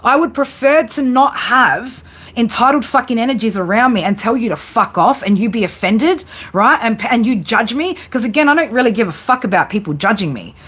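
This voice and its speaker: A woman hosting a tarot livestream rants at her viewers, blunt and swearing heavily, heated and defiant. Her voice sits on the high side, a bit bright and husky, with lively intonation and a slightly fast pace.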